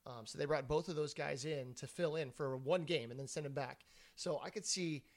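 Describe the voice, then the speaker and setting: A man's voice: fairly high pitch, normal speed. A man co-hosting a podcast, chatting casually and thinking aloud with restarts. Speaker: podcast co-host. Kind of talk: casual chat.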